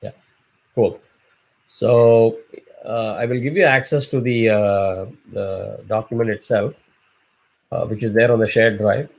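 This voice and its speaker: A man's voice: fairly low pitch, fairly even intonation, unhurried, vocal fry, long pauses. A man teaching a chanting class, explaining patiently and drawing out syllables as examples. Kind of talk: online class instruction.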